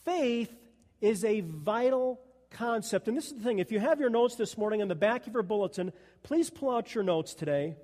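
A pastor preaching a sermon at a Sunday church service, earnest and emphatic. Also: male voice, sits high, expressive, normal speed, darkish tone. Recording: long echo of a church hall.

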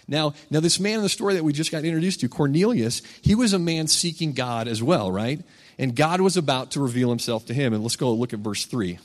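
This campus ministry preacher has a somewhat high voice and talks a little quickly, with a long reverb tail trailing his words. He shares stories and reads scripture casually, as if in conversation, getting animated as he plays the characters.

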